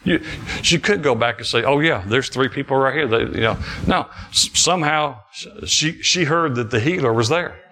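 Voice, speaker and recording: A man's voice: mid-range voice, normal speed, bright, forceful tone. A middle-aged man preaching a fervent sermon, repeating phrases and restarting as he declares healing. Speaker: pastor.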